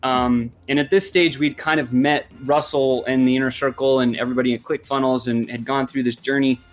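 A man sharing his business story as a podcast guest, energetic and rambling, full of fillers. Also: mid-range voice, a little fast. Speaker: guest entrepreneur.

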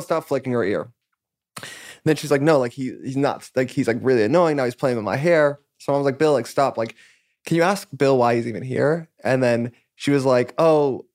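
Fast-talking man telling a story. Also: mid-range voice, darkish tone, no echo, clean studio sound. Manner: rambling, filler-heavy, acts out quoted dialogue. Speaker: podcast guest, musician. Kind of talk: casual storytelling interview.

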